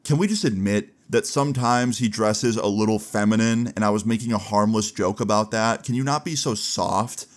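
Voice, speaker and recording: A man's voice: on the low side, normal speed, few pauses, natural voice. A man voicing a brash, hot-tempered teenage boy who bullies others and talks in slang. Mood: pushy. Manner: slangy, demanding, says "bro".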